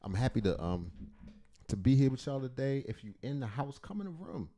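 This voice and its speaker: Livestream host, adult man, lively rambling joker, pitch jumps around a lot. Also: a little fast. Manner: playful and rambling, joking then earnest. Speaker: livestream host reacting to videos. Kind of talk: casual livestream chat.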